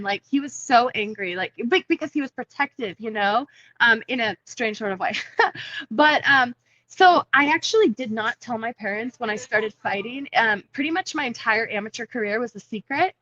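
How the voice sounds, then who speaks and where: A woman in her thirties talks casually over a video call from a coffee shop. Her voice is bright and forward, and the call audio comes through a little dull. She is chatty and laughs easily. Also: fairly high pitch, lively intonation, normal speed, no room sound. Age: 30s. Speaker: MMA fighter guest. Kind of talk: casual interview.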